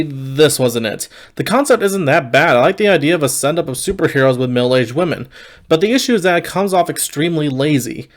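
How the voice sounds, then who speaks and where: Young male film reviewer with a slightly raised pitch and a candid, wry delivery. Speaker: movie reviewer. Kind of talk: casual video review.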